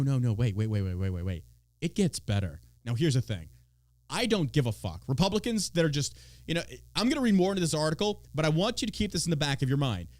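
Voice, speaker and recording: Animated, swearing man ranting on a podcast. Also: fairly high pitch, no room sound. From Texas. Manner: mocking, animated, swears freely. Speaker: podcast host. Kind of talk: profane political rant.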